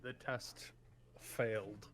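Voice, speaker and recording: A man's voice: lowish voice, steady tone, very slow, a bit bright. A man playing in a tabletop game, answering tersely and matter-of-factly. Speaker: player.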